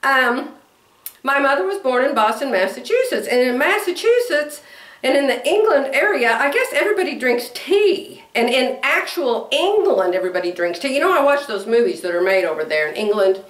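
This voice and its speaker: A woman's voice: sits high, sing-song, normal speed, fairly bright tone, roomy sound. A woman in her sixties chatting casually to camera in a rambling way, laughing often as she talks. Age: 60s. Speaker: vlogger.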